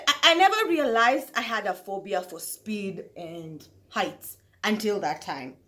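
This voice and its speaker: A woman hosting a talk show, telling a story casually to her viewers in an animated way, often laughing. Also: medium pitch, a little slow, few pauses. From Kenya.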